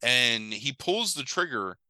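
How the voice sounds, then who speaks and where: Speaking slowly in a mid-range voice, this man chats casually about a film's plot, wandering off track, cursing freely, and quoting the characters with gusto. He's a podcast co-host, captured on a dry, rough recording.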